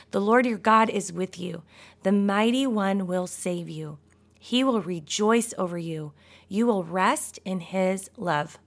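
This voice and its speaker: A woman hosting a devotional podcast, speaking encouragement to mothers and reading scripture aloud with warm enthusiasm and the odd laugh or sigh. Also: mid-range voice. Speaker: podcast host.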